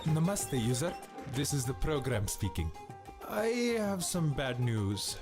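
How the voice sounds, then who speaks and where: A man's voice: medium pitch, sing-song, slow pace. An actor playing a melodramatic male computer program who insults people and predicts doom. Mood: calm. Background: game music.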